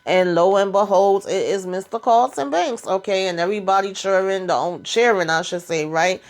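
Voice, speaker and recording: A woman's voice: medium pitch, moderate pace. A woman giving a casual, slangy recap of a TV episode and talking back to the characters. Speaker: TV recap vlogger.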